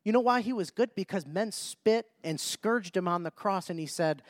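A man with a notably high voice preaches a sermon, pressing his listeners with rhetorical questions and circling back on his own phrases. The sound is dry and close, with no room around it. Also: moderate pace, dry recording. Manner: rhetorical questions and frequent restarts; reads scripture in old-fashioned biblical wording.

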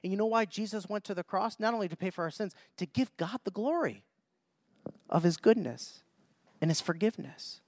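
High-voiced man preaching a sermon. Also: lively intonation, a little fast, a little mellow, no room sound, studio quality. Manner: rhetorical questions and frequent restarts; reads scripture in old-fashioned biblical wording.

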